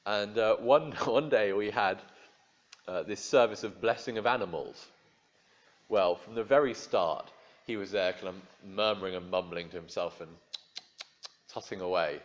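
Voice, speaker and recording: Low-voiced man preaching informally. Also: moderate pace, dull audio. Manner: informal, wry, frequent fillers and restarts. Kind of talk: conversational sermon.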